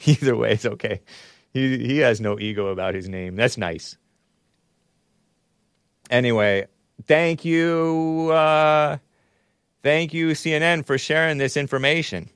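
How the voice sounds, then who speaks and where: A man's voice: medium pitch, moderate pace, pauses often, fairly bright tone, no room sound, clean studio sound. A man hosting a call-in talk show, rambling and musing aloud while he laughs at his own remarks. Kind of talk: casual call-in show chat.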